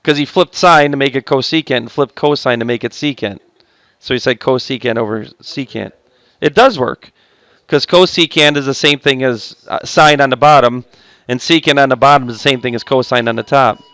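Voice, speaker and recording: This male high school math teacher keeps things chatty during a recorded lesson, cracking jokes with the class between steps. He speaks at a normal speed in a mid-range, smooth voice with a fairly bright tone, and there's no room sound.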